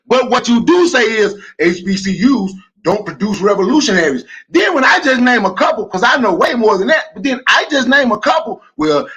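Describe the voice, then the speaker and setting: Man, high husky bright voice, heated and combative, podcast debate. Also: rough recording. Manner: loud, combative, repeats himself. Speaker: podcast co-host.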